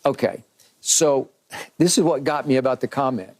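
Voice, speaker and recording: A man's voice: medium pitch, normal speed. A man arguing a point on a sports talk show, emphatic and acting out other people's words. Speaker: sports commentator.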